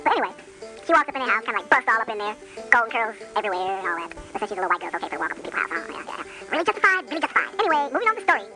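A sped-up chipmunk tells a bedtime story with stammers, tangents and crude jokes. The voice is high and sharp with wild swings in pitch. It races along at a frantic clip. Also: male voice, very animated, racing, faint music behind, heavily acted, rough recording. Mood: rambling, sassy. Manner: rambling, stammering, crude comic asides. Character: sped-up chipmunk telling a rowdy fairy tale. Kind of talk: comic storytelling.

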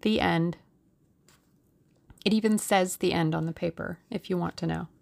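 A woman narrating a novel aloud as an audiobook reader, in a steady, unhurried storytelling manner. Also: on the low side, vocal fry. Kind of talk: scripted narration.

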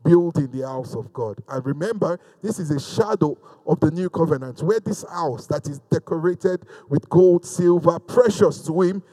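A man's voice: fairly high pitch, normal speed, hardly any pauses, mellow, in a large hall, poor audio. A middle-aged man preaching a sermon, reading scripture and calling on the congregation to respond. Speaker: pastor.

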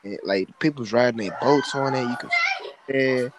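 Male podcast co-host, mid-pitched, drawling slangy storyteller, faint hiss behind him. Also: normal speed. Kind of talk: casual chat.

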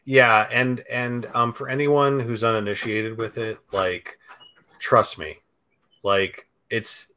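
Excitable man with a bright voice. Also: mid-range voice, takes it slowly. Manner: enthusiastic, excitable. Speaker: podcast guest. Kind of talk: casual chat.

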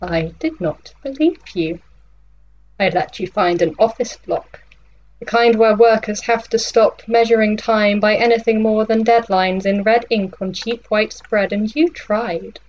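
A woman voicing a sinister, patient nightmare villain in a dramatic monologue poem, speaking slowly and tauntingly. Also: medium pitch, darkish tone, dull audio, slight background noise, lightly acted. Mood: menacing. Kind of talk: dramatic monologue poetry reading.

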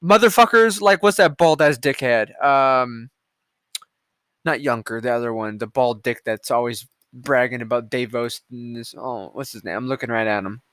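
A man hosting a solo podcast, reading headlines aloud and ranting about them in a profane, combative way, swinging between loud outbursts and low muttering. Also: normal speed, no echo, clean studio sound. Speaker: podcast host.

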